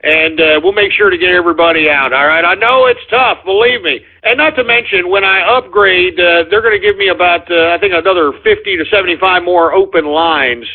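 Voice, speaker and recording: A high-voiced male call-in radio host with a husky edge. He talks in a profane, exasperated rant. The audio is thin and phone-like. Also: a little fast, hardly any pauses.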